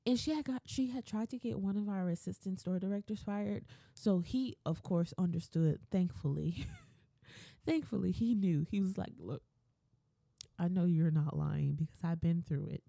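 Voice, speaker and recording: A woman's voice: fairly low pitch, moderate pace, vocal fry, warm tone, no echo. A young adult woman hosting a solo podcast, ranting bluntly and swearing, often mimicking other people's voices. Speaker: podcast host.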